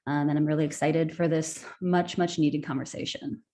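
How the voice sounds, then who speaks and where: Staff woman, low and mellow, polite panel greeting. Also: fairly even intonation, normal speed. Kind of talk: casual introduction on a video call. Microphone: video call.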